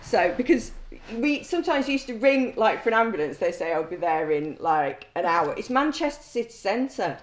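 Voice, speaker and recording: A woman's voice: medium pitch, very animated, moderate pace, hardly any pauses. Woman, ex prison governor, swears a lot, laughs mid story, echoey room. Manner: blunt, swears freely, laughs through anecdotes. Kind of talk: storytelling in conversation. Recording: roomy echo.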